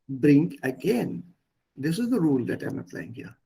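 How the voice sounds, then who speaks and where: A man's voice: a little high, big pitch swings, brisk, creaky, a little mellow, slightly rough, poor audio. A man teaching German in an online class, explaining patiently and repeating words and stresses for his learners. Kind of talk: online language lesson.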